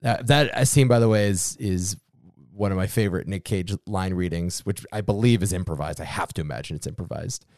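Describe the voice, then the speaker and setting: A man's voice: low-pitched, fairly quick, darkish tone, no echo, clean studio sound. A man co-hosting a casual movie-review podcast, recapping the plot with wry asides. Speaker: podcast co-host.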